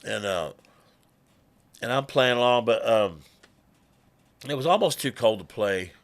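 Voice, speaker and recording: A man, a musician guest telling stories in casual talk, animated and swearing freely. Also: medium pitch, measured pace. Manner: animated, swears freely, acts out quoted people. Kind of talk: casual conversational storytelling.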